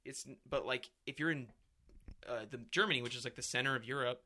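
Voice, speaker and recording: Young dude chatting fast, crisp bright voice, swears a lot, jokey. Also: male voice, medium pitch. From United States. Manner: animated, profane, joking. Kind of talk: casual chat.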